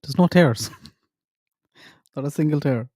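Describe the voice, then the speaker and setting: A man's voice: fairly high pitch, measured pace, darkish tone, no room sound, clean studio sound. An Irish man hosting a livestream, chatting casually and greeting his viewers by name. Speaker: livestream host. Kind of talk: casual live-stream chat.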